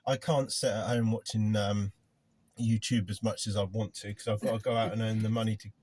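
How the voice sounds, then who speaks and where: Man, middle-aged, low-pitched, husky, loud, chatty. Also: fairly even intonation, fairly quick, no echo. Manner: loud, chatty, rambling, self-deprecating. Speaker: gardening business owner, vlog host. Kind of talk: casual chat. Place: inside a van.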